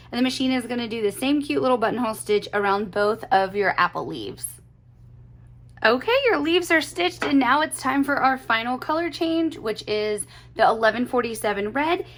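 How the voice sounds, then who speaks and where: Woman, friendly sewing instructor, talky and upbeat, a little high in pitch. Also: a bit bright. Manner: chatty, upbeat, calls things cute. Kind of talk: tutorial narration.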